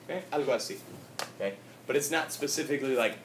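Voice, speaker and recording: A man's voice: medium pitch, animated, brisk, fairly bright tone. Male teacher, casual classroom talk, keeps checking "okay?", far off in a roomy, noisy space. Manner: casual, repeats "okay?" often, switches between English and Spanish. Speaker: Spanish teacher. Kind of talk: classroom grammar lesson. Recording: echoey room recorded from afar, with noise.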